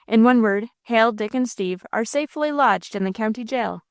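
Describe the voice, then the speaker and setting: A woman's voice: fairly high pitch, normal speed, clean tone, no echo, studio quality, close to an everyday voice. A woman voicing a bold, blustering male robber captain who gives orders to his gang. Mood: commanding. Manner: blustering, rousing, theatrical.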